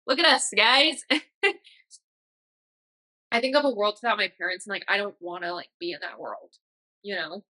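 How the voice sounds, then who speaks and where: Bright-voiced woman podcaster, reflective. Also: mid-range voice, lively intonation, unhurried, pauses often, low-quality recording. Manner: emotional, tearful at times, many fillers. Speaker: podcast host. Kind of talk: casual reflective monologue.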